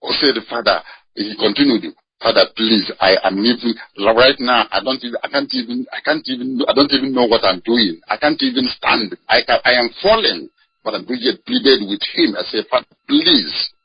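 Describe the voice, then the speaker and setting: A man's voice: mid-range voice, normal speed, slightly rough, dry recording. A man, a Catholic priest, recounting a phone call in a spoken personal account, full of restarts and quoted dialogue.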